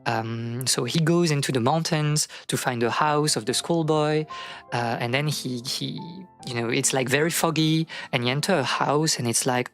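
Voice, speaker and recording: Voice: mid-range voice, a little slow, soft background music. Rambling streamer retelling a folk tale. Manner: rambling, many fillers and restarts, acts out quotes.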